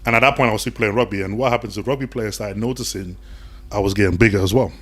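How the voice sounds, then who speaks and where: A young man chats as a podcast guest, telling stories at a quick clip. His voice sits on the low side, and he animates his tale by putting on the voices of the people in it. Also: slightly rough. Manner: animated, acts out quoted voices. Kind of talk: casual storytelling interview.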